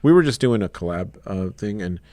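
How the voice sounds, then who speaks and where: A man's voice: lowish voice, animated, a little fast, dark tone, no echo. A man hosting a podcast interview, telling stories in a rambling, casual way with quoted asides. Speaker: podcast host.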